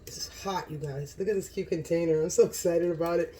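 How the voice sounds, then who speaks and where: Excitable woman hosting a cooking vlog. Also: fairly low pitch, quick pace, slight background noise. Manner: gushing, excitable, repeats exclamations. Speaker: cooking channel host.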